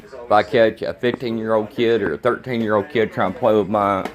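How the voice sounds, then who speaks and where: A middle-aged man from Kentucky rants angrily to the camera as a vlogger, agitated, repetitive, and plain-spoken. His voice is on the low side, steady, and fairly quick.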